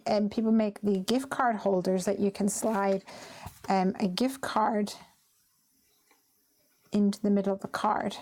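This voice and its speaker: A woman hosting a live craft stream, chatting casually and talking herself through each step as she works. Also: mid-range voice. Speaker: crafting host.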